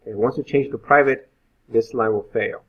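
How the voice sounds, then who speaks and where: A man's voice: medium pitch, normal speed, slightly rough. A male web instructor giving an informal live coding lecture, thinking aloud with frequent fillers. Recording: phone-like lo-fi sound.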